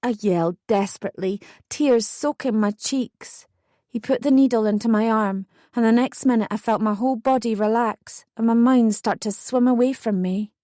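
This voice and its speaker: A woman's voice: a little high, moderate pace, dark tone, no echo, studio quality. A woman narrating a first-person true story audiobook with feeling. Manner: emotional memoir reading, acting out quotes.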